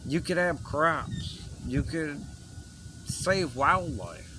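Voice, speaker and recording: A man's voice: fairly high pitch, animated, drawn-out words, noisy background. A man delivering an impassioned, rambling personal message to his viewers, earnest and emotional, pleading with them to listen. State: choked up. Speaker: vlogger.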